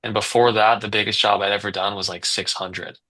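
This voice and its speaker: This twenty-something guest runs his own business and speaks low but with a bright, forceful bite. Chatting casually on a podcast, he meanders through a story, full of fillers and false starts. His tone stays level, he talks a little fast, and the recording is rough.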